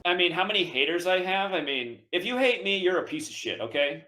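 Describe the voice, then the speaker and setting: Pissed off host guy swearing nonstop at callers, bright edgy tone. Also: high voice, expressive, fairly quick. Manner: furious, cursing, insulting listeners. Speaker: call-in show host. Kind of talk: angry profane rant.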